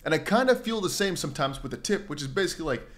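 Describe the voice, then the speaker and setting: Young man, livestream host, lively sing-song voice, slightly high, rambling casual chat, mock exclamations. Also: rapid-fire. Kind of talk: casual livestream chat, reading viewer comments.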